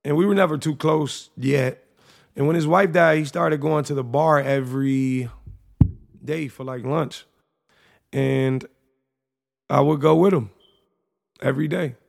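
A gravelly-voiced young man shares his old journal entries on a podcast. He talks loosely and slangily, then reads with raw emotion and reflection. His voice sits a little higher than most men's. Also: steady tone, unhurried, long pauses. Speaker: podcast host. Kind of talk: reading personal journal entries aloud.

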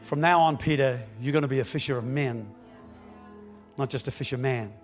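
A man playing a patient, commanding male teacher who speaks in steady instructions. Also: mid-range voice, normal speed, faint music behind, voice pushed down, natural voice. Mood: reassuring.

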